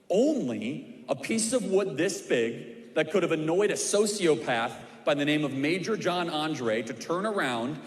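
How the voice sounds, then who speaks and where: A man telling a history story to a church crowd with emphatic, repeated punchlines. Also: fairly high pitch. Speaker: speaker at a church civics event. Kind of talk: preaching a history story to a live audience. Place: large church auditorium. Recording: echoey hall with long reverb.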